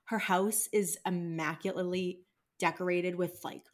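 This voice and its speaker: A young woman in casual podcast conversation with a slightly low voice. She talks in a measured, reflective way and works through her thoughts aloud. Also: fairly even intonation. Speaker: podcast co-host. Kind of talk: casual chat.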